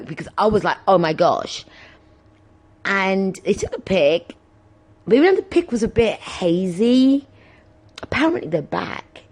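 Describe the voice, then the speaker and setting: A woman hosting her own podcast, rambling chattily and excitably through stories and swearing freely. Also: mid-range voice. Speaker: podcast host. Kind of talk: casual solo podcast chat.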